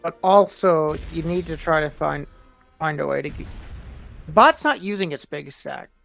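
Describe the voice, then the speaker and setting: A man's voice: a little high, animated, measured pace, creaky, fairly bright tone, faint music behind. A man co-commentating an online strategy game in casual chat, breaking down strategy. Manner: analytical, gives strategic advice.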